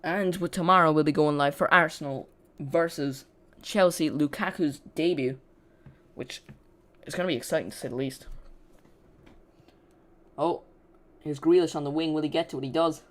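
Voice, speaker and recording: A football watch-along streamer with a mid-range voice speaks at a moderate pace. The host gives rambling, casual live commentary on a match while chatting directly to viewers.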